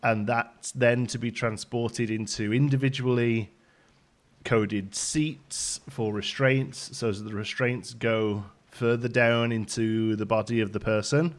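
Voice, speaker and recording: A man's voice: medium pitch, fairly even intonation, takes it slowly. A man hosting a casual live stream, greeting viewers by name and rambling with ums while out of breath.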